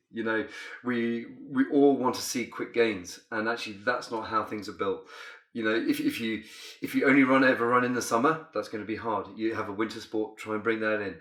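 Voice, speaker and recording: A man, a physiotherapist guest in a casual interview, relaxed and often repeating words as he talks. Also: on the low side, reverberant.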